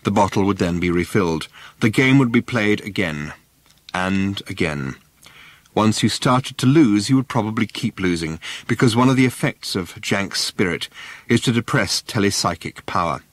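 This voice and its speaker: A man narrating a comic story in a measured, dry storytelling manner. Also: fairly low pitch, lively intonation, no echo. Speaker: audiobook narrator. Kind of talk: scripted narration.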